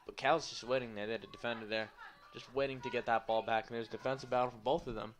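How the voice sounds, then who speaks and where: Quick-talking tired young man calling soccer. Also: mid-range voice, steady tone, slight background noise. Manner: fast, loose play-by-play with joking asides. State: tired, yawning. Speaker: play-by-play commentator. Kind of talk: live sports commentary.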